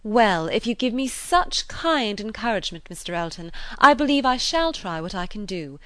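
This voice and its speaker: A woman reading the part of a lively, self-assured young gentlewoman, eager and animated, in a dry recording. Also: mid-range voice, normal speed, no room sound.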